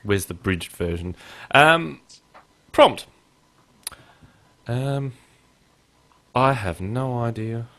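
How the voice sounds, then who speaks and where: A man's voice: mid-range voice, animated, very slow, long pauses, a bit bright. A male podcast host chatting casually, joking about himself and laughing often.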